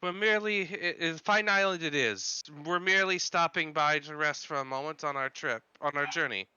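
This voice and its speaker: A man playing a polite, calm giant woman traveller in a tabletop game. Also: a little high, moderate pace, smooth, no room sound, highs cut off.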